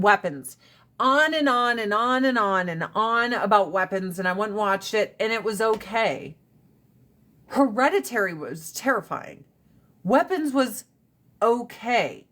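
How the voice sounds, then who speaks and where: A woman hosting a casual live stream, talking bluntly with plenty of profanity and ranting with rising emphasis. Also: mid-range voice. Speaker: livestream host. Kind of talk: casual livestream chat.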